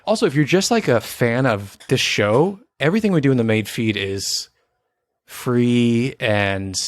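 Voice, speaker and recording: A man co-hosting a casual podcast, joking around and slowing down for announcements. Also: mid-range voice, expressive. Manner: playful, jokey, slows down for announcements. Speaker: podcast co-host. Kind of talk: casual chat.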